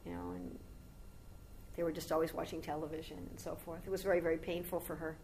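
A woman's voice: low-pitched, sing-song, fast, darkish tone, slight background noise, poor audio. A woman giving a devotional talk as a spiritual teacher, telling a long story in a rambling, conversational way with asides to her listeners.

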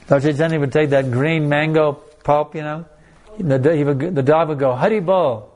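A man's voice: a little high, fairly even intonation, normal speed, a little mellow. A man as a spiritual teacher telling stories and answering audience questions, with many restarts and laughs. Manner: storytelling with frequent restarts and laughs.

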